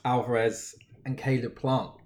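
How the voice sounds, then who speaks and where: A man co-hosting a podcast in casual chat, easygoing and quick to agree. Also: mid-range voice, fairly even intonation, a little mellow, a little hiss or hum. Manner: easygoing, full of agreeing fillers. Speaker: podcast co-host.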